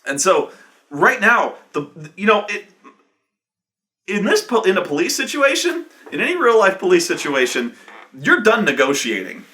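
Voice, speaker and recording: An excitable man in his thirties tells tabletop game stories with plenty of swearing and sudden loud outbursts. His voice sits fairly high and bright, and it leaps around in pitch as he acts out the players. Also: moderate pace. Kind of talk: animated storytelling chat.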